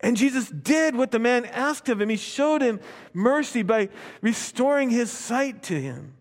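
A man with a high voice preaching a sermon, reading a passage and then explaining it. He presses hard on key words and slows down to let them land. His voice carries a long reverb, as in a large hall. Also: lively intonation. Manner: emphatic, drawing out key words.

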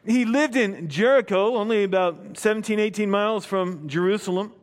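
A man's voice: high voice, normal speed. A man preaching a sermon, reading scripture and explaining it, emphatic and drawing out key words. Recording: long hall reverb.

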